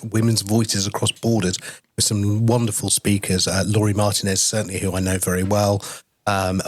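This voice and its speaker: A man's voice: fairly low pitch, dry recording. A man co-hosting and interviewing, jokey and loose, with ums and laughs. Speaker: podcast co-host. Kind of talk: casual chat and interviewing.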